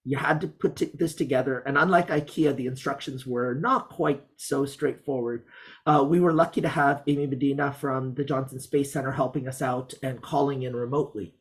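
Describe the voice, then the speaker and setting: A teacher presenting a student project to an online audience. The voice sits at an ordinary middle pitch and the delivery is chatty, upbeat and full of enthusiasm. Small asides keep it conversational. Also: steady tone, fairly quick. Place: Montreal.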